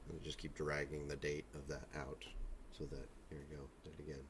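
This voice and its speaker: Man, 40s, extremely deep voice, easygoing self-mocking stream host chatting at his hobby desk. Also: level tone, a little fast, background noise. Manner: rambling, joking, self-deprecating asides. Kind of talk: casual chat while painting miniatures. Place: home hobby room with a printer and air purifier.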